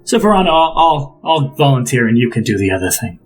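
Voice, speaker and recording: A man's voice: mid-range voice, very animated, brisk, soft background music, natural voice. A man voicing a snide, mocking villainous henchman in a tabletop game. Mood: taunting. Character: sneering villainous male henchman.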